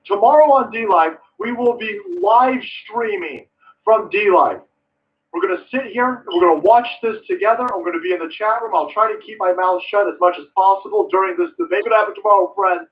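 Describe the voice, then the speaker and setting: High-pitched male streamer, sarcastic and profane political ranter, recorded on a dull, distant mic. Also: brisk, slight background noise. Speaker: live streamer. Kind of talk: ranting political commentary stream.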